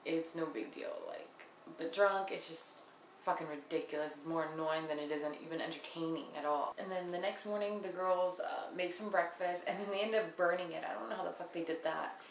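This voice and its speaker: A young woman talks through a reality show episode in a casual, foul-mouthed and sarcastic way, voice sitting on the low side for a woman. The room is roomy and echoey, with a faint hiss of background noise. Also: fairly quick. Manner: profane, blunt, sarcastic, mimics people she quotes. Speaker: reality TV recapper.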